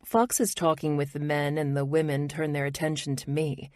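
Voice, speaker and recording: A woman's voice: low-pitched, flat delivery, moderate pace, darkish tone, no room sound, studio quality. A woman narrating a romance audiobook in the first person, wry and intimate.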